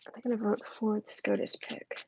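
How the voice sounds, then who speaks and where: A woman's voice: mid-range voice, little pitch movement, normal speed, vocal fry, a little mellow, a little hiss or hum, low-quality recording. A woman doing a live tarot reading, chatty and thinking aloud, with many restarts. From United States. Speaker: tarot reader.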